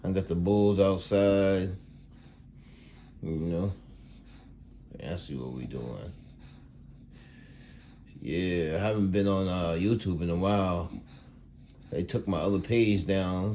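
Chatting to viewers indoors at his home kennel, a man vlogs casually and rambles about his dogs, leaning on "y'all" and "man." His voice is low-pitched and mellow, accompanied by a slight hiss or hum.

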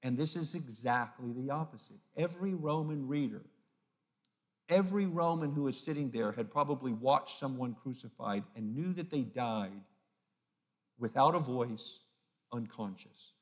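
A man's voice: mid-range voice, lively intonation, moderate pace. Emphatic preaching pastor, man. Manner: emphatic, swings between loud and hushed; acts out mocking voices of the crowd. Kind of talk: sermon.

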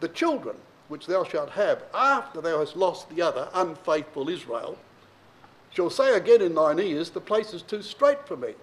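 Animated man preaching on scripture. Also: normal speed, poor audio. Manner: reads King James verses then explains them plainly to the congregation; emphatic, varies pitch and pace widely for emphasis. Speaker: Bible teacher. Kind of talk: sermon with scripture reading.

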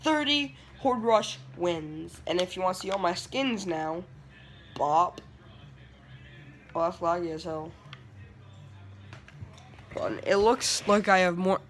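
High, bright-voiced excitable gamer guy. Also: slow, long pauses, soft background music. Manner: excitable, trash-talking, yelling outbursts. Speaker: gameplay streamer. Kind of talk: live gameplay commentary.

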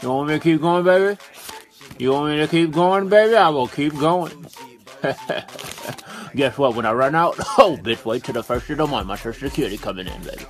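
A man voicing a teasing old man who is waiting on his benefit check, in a low croaky voice. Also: expressive, normal speed, faint music behind, natural voice.

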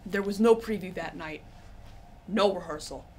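A teenage girl plays a cold male mob boss who threatens in a flat, quiet voice. The recording is an amateur stage capture with clear hiss underneath. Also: fairly low pitch, moderate pace, lightly acted. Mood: suspicious. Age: teens.

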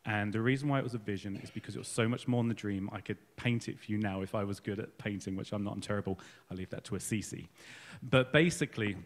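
A man's voice: on the low side, in a large hall. A man giving a candid, rambling personal testimony at a church service. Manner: rambling and candid, self-deprecating. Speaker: congregation member giving a baptism testimony. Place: church hall.

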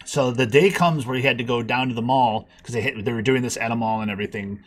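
A man telling a long personal story on a podcast call, acting out the people he quotes with big jumps in his voice. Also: quick pace. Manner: animated, acts out quotes with big pitch jumps. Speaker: podcast guest. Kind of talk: casual storytelling.

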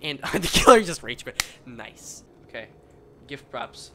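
Excitable, swearing man gaming. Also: mid-range voice, a little slow. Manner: excitable, profane, swings between mutters and shouts. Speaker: gamer commentating his own match. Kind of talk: live gameplay commentary.

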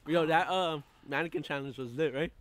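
A man's voice: a little high, a little fast, a bit bright. A young man filming a casual vlog outdoors at night, joking and laughing with a friend as he walks home. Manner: laid-back, joking, laughs often. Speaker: vlogger filming a friend's birthday. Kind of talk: casual chat. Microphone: handheld camera.

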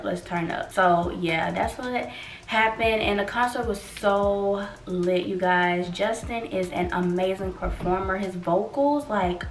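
A young woman telling a story to her viewers in a casual vlog, lively and expressive, acting out what she and others said. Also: mid-range voice, roomy sound, recorded from a distance. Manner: animated, acts out quotes, addresses viewers as y'all. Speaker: vlogger.

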